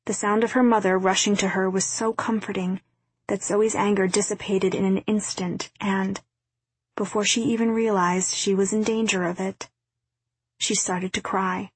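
A woman reading a novel aloud as narrator, in a quiet, even storytelling delivery. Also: mid-range voice, breathy edge, no echo. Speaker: audiobook narrator. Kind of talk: scripted narration.

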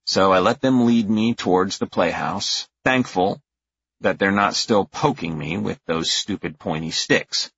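Husky low-voiced male narrator. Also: measured pace, a bit bright, no echo. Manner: wry, exasperated. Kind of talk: first-person audiobook narration. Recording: dull, dry lo-fi recording.

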